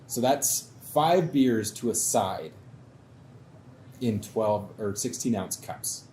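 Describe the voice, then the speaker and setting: A man telling a drinking story in relaxed, wry casual chat, with some swearing. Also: lowish voice, takes it slowly. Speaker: show regular. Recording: echoey room with faint background noise.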